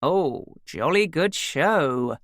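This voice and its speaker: A cheeky young man, hungover and insolent, slurring and sneering as he mimics people, voiced by a woman reading a storybook. His voice jumps up into lively, bouncing mockery. The sound is close and dry. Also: low-pitched, slow, dry recording, heavily acted. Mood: mocking.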